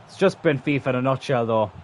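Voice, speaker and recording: A young man commentating his own football video game match as a streamer, swinging from calm remarks to frustrated, swearing outbursts. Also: mid-range voice, fast, a little hiss or hum. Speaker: gaming streamer. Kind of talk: live gameplay commentary.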